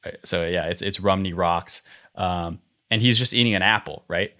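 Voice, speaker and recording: Bright-voiced male podcast host, animated. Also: sits low, normal speed. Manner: animated storytelling, acts out quotes. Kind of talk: casual podcast chat.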